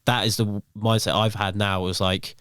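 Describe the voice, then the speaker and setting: A man's voice: lowish voice, flat delivery, moderate pace, a bit bright, smooth, no room sound, studio quality. A young man telling stories on a podcast as the guest, with lots of fillers like "um" and "like". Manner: rambling, filler-heavy storytelling. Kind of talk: casual podcast chat.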